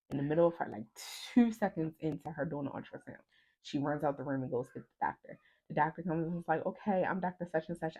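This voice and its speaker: Young woman vlogger, husky and low, emotional storyteller who voices everyone in the story. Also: warm tone. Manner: emotional retelling, acts out other people's lines. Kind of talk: casual storytime vlog.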